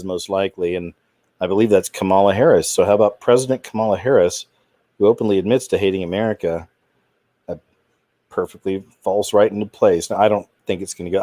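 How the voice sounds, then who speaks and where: Low-voiced man ranting indignantly. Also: warm tone, dry recording. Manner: rambling, indignant, with trailing restarts. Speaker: channel host. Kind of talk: casual commentary monologue.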